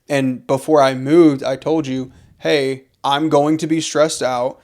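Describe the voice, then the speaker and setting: A man's voice: mid-range voice, flat delivery, takes it slowly, darkish tone. A young man co-hosting a podcast, talking earnestly and reflectively about faith in a casual conversation. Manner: earnest, reflective, repeats phrases for emphasis. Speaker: podcast co-host.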